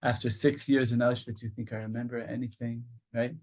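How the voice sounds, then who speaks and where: A male rabbi giving a Torah study lecture, reading passages in Hebrew and rendering each one in English as he goes. He tells the story with animation, repeating phrases for emphasis and often restarting his sentences. His voice sits at an ordinary middle pitch for a man. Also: level tone, brisk, darkish tone. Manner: reads Hebrew lines aloud, then translates them into English. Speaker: rabbi teaching a study group.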